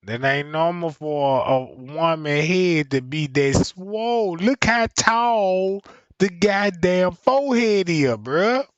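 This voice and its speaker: Mocking, slow-talking man roasting on stream. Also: sits high, expressive, clear, resonant tone, no echo, muffled recording. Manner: loud, mocking, profane roasting. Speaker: commentary streamer. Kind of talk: casual reaction commentary.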